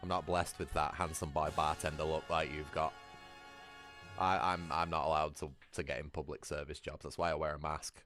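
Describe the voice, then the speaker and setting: A man's voice: rumbling low, little pitch movement, normal speed, a bit bright, faint music behind. A man, chatting casually with his livestream viewers, rambling, swearing freely and laughing often. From Britain. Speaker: gaming livestreamer.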